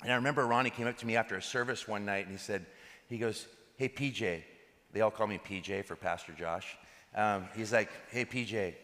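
A man, a pastor, giving a sermon that is full of lively stories. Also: lowish voice, quick pace. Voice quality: animated, laughs between anecdotes. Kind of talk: sermon with storytelling. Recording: reverberant hall.

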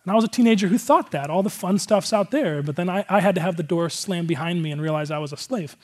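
A man's voice: high voice, fast talker. A male pastor giving a casual, conversational sermon, earnest and rambling, with a lot of filler words.

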